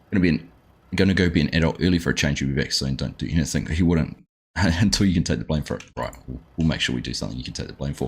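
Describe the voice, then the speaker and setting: A very deep-voiced middle-aged Australian man hosts a live gaming stream, chatting informally and greeting viewers by name, often as mate. The recording has a little hiss or hum.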